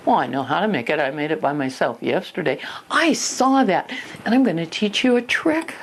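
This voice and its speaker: An older woman giving a spoken lesson to parents, talking in an animated way and acting out little parent and child exchanges. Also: lowish voice. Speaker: parenting educator.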